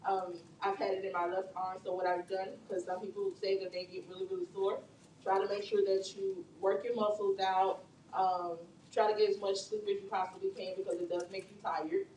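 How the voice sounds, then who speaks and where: A woman who works at a hospital gives health advice in a brisk, matter-of-fact way. Her pitch is average. She sounds distant in a roomy space, and a faint background noise hangs under her voice. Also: little pitch movement, darkish tone. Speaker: hospital worker and co-host. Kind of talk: casual chat giving health advice.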